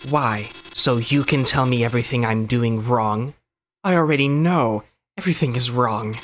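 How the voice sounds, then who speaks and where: A man's voice: fairly low pitch, steady tone, slow, creaky, a bit bright, a little hiss or hum, full character voice. A man voicing a despairing, self-loathing game character. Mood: defensive. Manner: bitter, weary, bursts into swearing. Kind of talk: reading game dialogue aloud. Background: game music.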